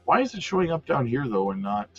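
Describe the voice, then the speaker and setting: A man hosting a casual crypto livestream, reading viewer comments and talking through charts in a loose, chatty way that swings from loud to muttered. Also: medium pitch, sing-song, fast talker, slightly rough, muffled recording, soft background music. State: has the hiccups.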